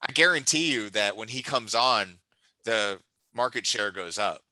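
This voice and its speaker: A man's voice: lowish voice, unhurried, pushed and bright, dry recording, poor audio. A man co-hosting a casual wrestling chat, enthusiastic and teasing, often restarting his sentences. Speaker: podcast co-host.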